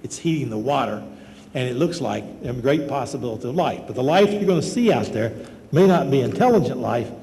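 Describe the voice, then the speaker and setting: Older male professor, gravelly and mellow, folksy storyteller in a reverberant hall. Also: medium pitch, lively intonation, a little fast. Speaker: medical school professor. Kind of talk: lecture with personal stories. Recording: lecture hall with long reverb and faint noise.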